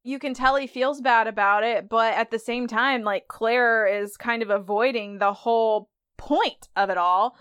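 Chatty woman host with a smooth voice. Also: on the high side, steady tone, a little slow, few pauses, a bit bright, no room sound. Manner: chatty, conversational, giggly. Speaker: podcast host. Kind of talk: casual TV episode recap.

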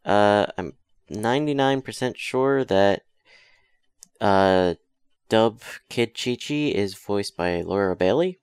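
A man's voice: fairly low pitch, takes it slowly, darkish tone, clean tone, no echo. A man chatting casually as a podcast co-host, adding dry wisecracks. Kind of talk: casual chat.

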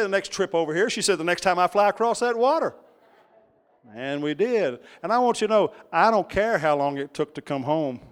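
Male preacher, high voice, folksy storyteller working the congregation, long hall reverb. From Texas. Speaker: pastor. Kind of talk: sermon.

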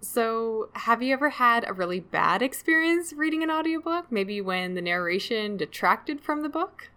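A woman's voice: a little high, expressive, moderate pace, pushed and bright, clear, resonant tone. A woman co-hosting a book podcast, talking in a chatty, self-deprecating way and laughing often. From Canada. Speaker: podcast co-host. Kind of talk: casual book chat.

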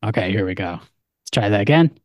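A man's voice: lowish voice, lively intonation, brisk, no echo, studio quality. A man co-hosting a film podcast, rambling and self-mocking in casual chat. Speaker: podcast co-host.

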